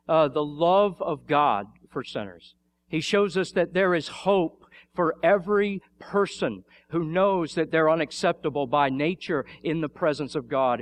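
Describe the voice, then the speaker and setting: A male pastor preaching a sermon, fervent and emphatic, repeating phrases and swinging between loud swells and quiet drops. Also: a little high.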